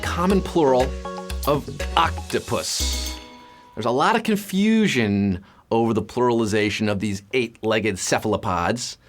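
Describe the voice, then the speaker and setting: A man hosting a live trivia game show, full of quick puns and jokes. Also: mid-range voice, expressive, faint music behind. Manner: jokey, punny, quick patter.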